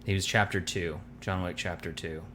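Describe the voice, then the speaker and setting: A man's voice: low-pitched, fairly even intonation, normal speed, background noise. A man co-hosting a podcast, chatting casually and rambling as he searches for names. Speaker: podcast co-host. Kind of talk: casual chat.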